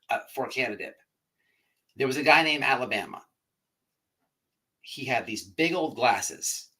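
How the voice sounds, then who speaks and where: A man's voice: mid-range voice, pushed and bright, slightly rough, rough recording. A man telling a rambling, profanity-laced story to his livestream audience as the show's host. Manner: rambling, repeats himself, swears often. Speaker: podcast host.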